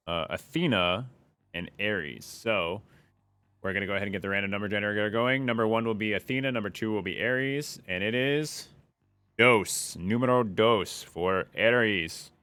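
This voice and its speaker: A young male streamer gives playful live commentary while gaming, humming along and taunting his enemies. His voice is lowish and bright, with a forceful, smooth tone at a normal speed. The audio is clean, with no echo.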